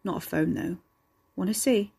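Woman reading as a gleeful creature man, gruff and mocking, husky low voice, storybook. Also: normal speed, dark tone, full character voice. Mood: gloating menace. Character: menacing tendrilled creature man, gleeful and crude.

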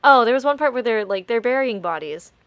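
A woman's voice: on the high side, animated, fairly quick, no echo. A young woman co-hosting a podcast, chatting casually, swearing freely and laughing often. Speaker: podcast co-host. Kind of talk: casual chat.

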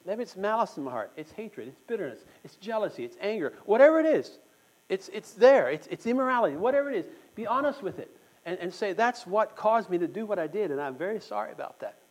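A church speaker with a freshly pulled tooth talks quickly in a high, very animated voice during a conversational sermon at a church meeting. Earnest throughout, he speaks straight to the listeners and quizzes them with questions. Audio quality is poor.

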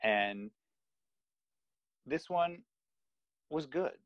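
A podcast co-host in casual chat, an animated, self-mocking sports fan. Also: medium pitch, drawn-out words, dry recording, lo-fi sound.

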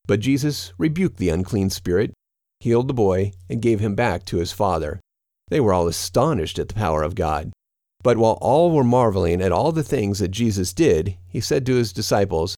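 A man narrating a scripture reading in a steady, measured manner. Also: on the low side, dry recording, studio quality.

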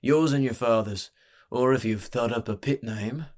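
A man's voice: mid-range voice, moderate pace, darkish tone, lightly acted. A man voicing a weary, pot-bellied old barkeep who talks in a growling, slangy, wheedling way. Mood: sly.

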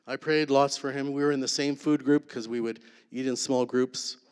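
A man preaching a personal testimony, his voice carrying a long reverb through a large hall. He talks at an ordinary middle pitch, pushing hard on some lines and falling almost to a whisper on others. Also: fairly even intonation, moderate pace, clean tone. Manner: emphatic, dropping to a hush on key lines. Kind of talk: sermon testimony.

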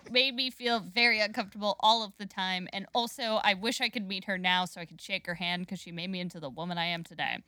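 A woman telling a comic story in casual chat, animated and quick to laugh. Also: medium pitch, no echo.

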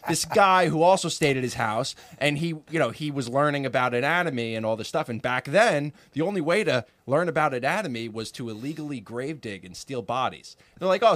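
A man co-hosting a talk show, his voice set a bit higher than most men's. He tells stories in a rambling, casual way, recorded dry and close to the mic. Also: fairly bright tone, dry recording. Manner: casual, rambling storytelling with fillers. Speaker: co-host. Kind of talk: political talk show banter.

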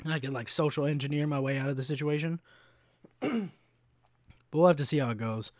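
A man, rambling through a story on his podcast. His voice sits a bit high, and it is full of casual swearing and filler. The sound is close and dry, with no room echo. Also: normal speed, darkish tone. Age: 20s. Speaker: podcast host.

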